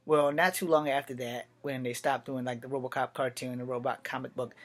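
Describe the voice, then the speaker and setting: A man's voice: medium pitch, steady tone, a little fast. A man giving a casual, rambling comic book review at home at night, drifting into asides and restarting his sentences.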